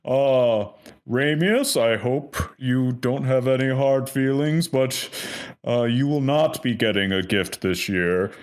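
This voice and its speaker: A man's voice: slow, close to an everyday voice. A man voicing an older, jolly Santa who runs a spy operation, with a hearty ho-ho-ho. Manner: booming ho-ho-ho, hearty and wry.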